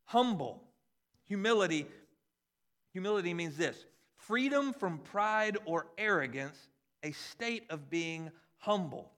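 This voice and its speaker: Pastor guy in his 40s giving a chatty sermon, highish bright voice. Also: slow pace. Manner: conversational and animated, jokes about parenting.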